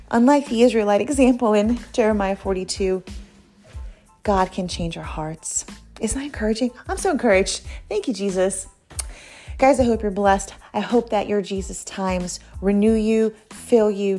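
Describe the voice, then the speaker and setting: A woman giving a casual devotional talk, earnest and chatty, laughing easily and speaking straight to her listeners. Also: mid-range voice. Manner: earnest and warm, laughs easily, addresses listeners as "you guys". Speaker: Christian devotional host.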